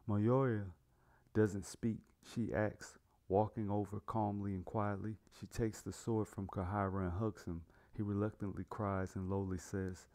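A man narrating a fantasy story in a plain, even read-aloud manner. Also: fairly low pitch, unhurried. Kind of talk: storybook reading.

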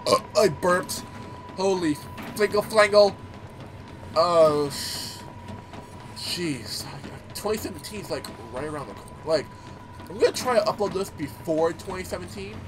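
A man's voice: sits high, measured pace, background noise. A man giving casual gameplay commentary, telling stories animatedly, swearing and laughing often. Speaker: gaming YouTuber.

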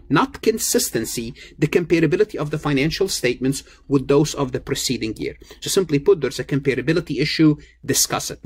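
Guy lecturing on accounting, kinda husky, keeps repeating himself for emphasis. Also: fairly high pitch. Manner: emphatic, repeats key points, self-corrects. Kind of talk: recorded online lecture.

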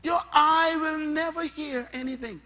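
A man preaching a sermon, emphatic and point by point, swinging between loud bursts and soft asides. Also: extremely high pitch, steady tone, unhurried.

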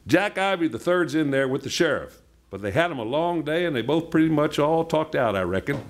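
A man's voice: on the high side, expressive, fairly quick, pitched above the performer's own voice. A man voicing a dismissive small-town door guard, drawling and offhand.

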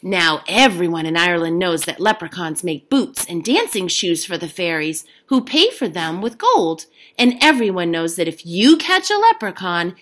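A woman's voice: on the low side, a bit bright. A woman reading a storybook aloud as a teacher, giving the characters their own voices.

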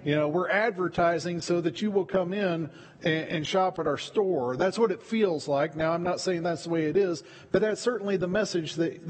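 Man, pastor, sermon, conversational, repeats words, slightly husky, long church reverb. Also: on the high side. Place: church sanctuary.

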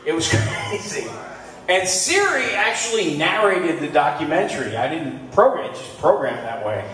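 A man doing a live stand-up set on stage before an audience, animated and breaking into loud outbursts. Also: fairly high pitch, normal speed. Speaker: stand-up comedian. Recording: echoey room, mic from far off.

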